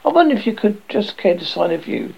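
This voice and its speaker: A man's voice: high-pitched, very animated, fairly quick, vocal fry, husky, voice pushed up, heavily acted. A man reading aloud, voicing a timid, anxious male bursar who speaks deferentially. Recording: dull lo-fi recording.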